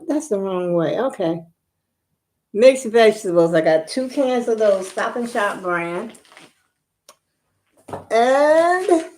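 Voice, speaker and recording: Slow-talking chatty grandmother. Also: mid-range voice, a little mellow. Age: older. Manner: chatty, homey, addresses viewers as y'all. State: out of breath. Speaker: vlogger. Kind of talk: casual live-stream chat.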